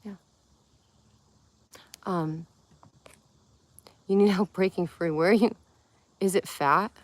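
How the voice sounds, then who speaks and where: Speaking slowly in a fairly low, steady voice with no echo, this young livestream host from Connecticut, USA sounds tired. She keeps things playful and casual, replying to viewer comments one by one.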